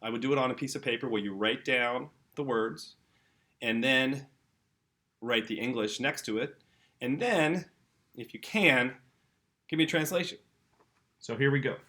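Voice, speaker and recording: A man's voice: mid-range voice, normal speed, pauses often, bright, forceful tone. A man teaching a casual lesson, talking straight to the kids and their parents with eager enthusiasm. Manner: enthusiastic, chatty, addresses the kids directly. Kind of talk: informal home-school lesson.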